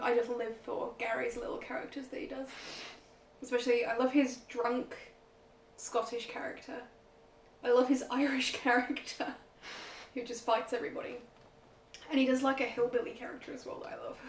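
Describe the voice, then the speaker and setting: Woman co-host, fairly high voice, chatty and rambling, recorded in an echoey room a bit off-mic. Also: little pitch movement, a little fast, distant mic, slight background noise. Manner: chatty, many "like" fillers. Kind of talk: casual chat over a meal. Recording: roomy echo, away from the mic.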